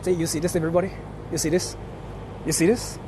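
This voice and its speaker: Man, casual vlogger, high voice, emphatic and chatty. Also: flat delivery, fast talker, noisy background. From Japan. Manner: emphatic, repeats "see?" and "like" often, swears. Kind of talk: casual vlog talk to viewers. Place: walking through a convenience store.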